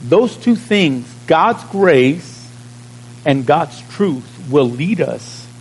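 A pastor preaching a sermon in a conversational way, stretching out key words and checking in with the congregation. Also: male voice, mid-range voice, a little hiss or hum, poor audio.

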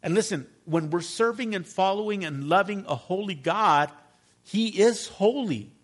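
A middle-aged pastor preaches a sermon in a high-pitched, animated voice at a moderate pace. His manner is conversational, and he often asks the congregation to agree with him through call-and-response questions.

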